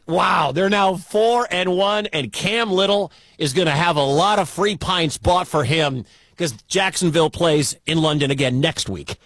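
A man calling live football play-by-play on the radio, excitable and breaking into shouts at big plays from a stadium booth. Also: high-pitched, no room sound, studio quality.

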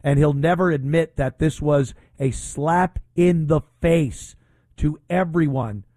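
A man hosting talk radio in a studio, blunt and indignant as he rambles through his opinions with plenty of fillers. His voice sits a bit high but sounds mellow and dark, and the sound is close and dry. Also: slow pace, dry recording.

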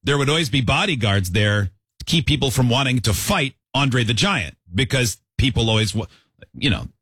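Male show host, casual rambling chat, lively pitch, dry close sound. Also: normal speed, husky, dry recording. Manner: rambling, chatty delivery with filler words.

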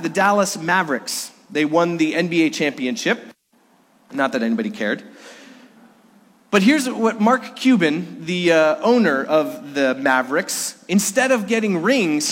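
An earnest male pastor delivers a Sunday sermon with a slightly high voice. His words ring out with long reverb through a church sanctuary, and he drops his voice low and soft for emphasis. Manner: earnest preaching with dramatic pauses.

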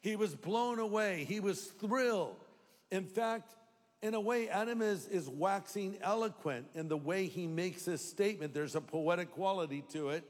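Brief: a high-voiced male pastor, joking and conversational, echoing auditorium. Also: moderate pace. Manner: conversational, humorous preaching. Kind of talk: live sermon. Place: large church hall. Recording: long reverb of a large hall.

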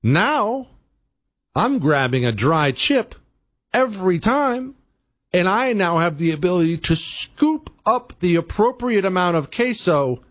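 A man's voice: sits high, sing-song, measured pace, no echo. A middle-aged man hosting a talk show, ranting emphatically and with exasperation, turning to a co-host now and then. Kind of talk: animated comedic rant.

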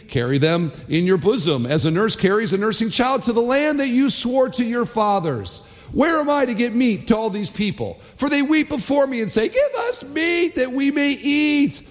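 A man's voice: extremely high pitch, expressive, normal speed, long reverb tail, voice pushed up. A man acting out an exasperated, overburdened old leader who complains that the load is too heavy. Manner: pleading, complaining declamation.

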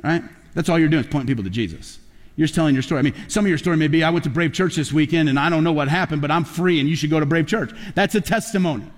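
A man preaching a sermon as a pastor, talking conversationally and rising to loud, emphatic peaks. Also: a little high, rapid-fire. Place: large church auditorium. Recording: long hall reverb.

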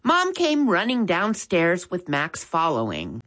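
A woman reading a children's chapter book aloud in a slow, expressive way. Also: fairly low pitch. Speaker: storyteller.

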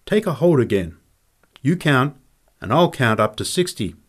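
A man voicing an excitable, punch-drunk little ex-prizefighter who talks in eager, insistent bursts. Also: medium pitch, moderate pace, slightly rough.

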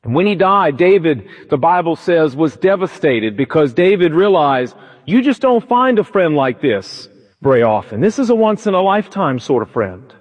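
A man's voice: on the high side, big pitch swings, moderate pace. A man preaching a sermon, retelling a story with emphatic, preacherly storytelling. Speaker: pastor. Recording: dull lo-fi with long reverb, church sermon recording.

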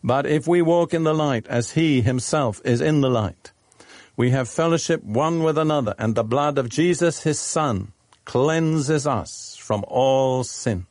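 A man preaching a sermon in a measured, deliberate teaching manner. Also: medium pitch, darkish tone, dry recording.

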